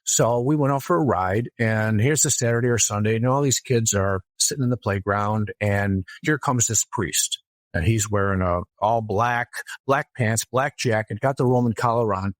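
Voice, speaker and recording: A man's voice: on the low side, normal speed, no echo. A man as an interview guest, telling a story casually and with animation, often restarting his sentences. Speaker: guest author.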